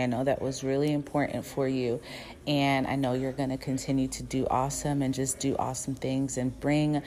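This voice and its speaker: Low-voiced woman, blunt and affectionate. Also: darkish tone. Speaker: friend leaving a birthday message. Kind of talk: casual recorded message.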